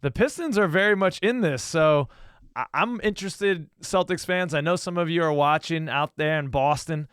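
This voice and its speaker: A man co-hosts a casual sports podcast, joking and teasing his cousin in an easygoing way. His voice is on the high side, a bit bright, clear and resonant, at a moderate pace. The studio recording is clean with no echo.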